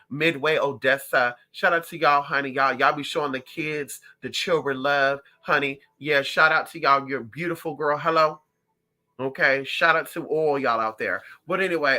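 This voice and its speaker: A psychic vlogger chatting casually to viewers, sassy and animated, calling them honey and girl. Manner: animated, swings up and down in pitch.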